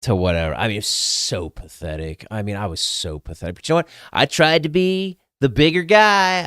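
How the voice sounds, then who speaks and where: A man's voice: lowish voice, moderate pace, hardly any pauses, a bit bright, clean tone, no room sound, clean studio sound. A young adult man, casually telling a personal story in a candid, crude, self-mocking way, swearing freely. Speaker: podcast host.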